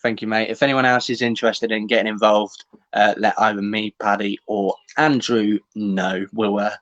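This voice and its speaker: A man's voice: on the low side, level tone, moderate pace, fairly bright tone, muffled recording. Upbeat man hosting a podcast. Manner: upbeat, thanks guests, lots of ums. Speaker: podcast host. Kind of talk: casual live-stream chat. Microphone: video call.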